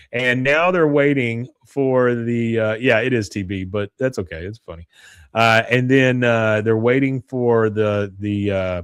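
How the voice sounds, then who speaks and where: A man's voice: medium pitch, a bit bright, dry recording. Dry-sounding man retelling a TV episode. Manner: retells scenes, acting out lines in brief voices. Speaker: podcast co-host. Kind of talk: casual recap of a TV episode.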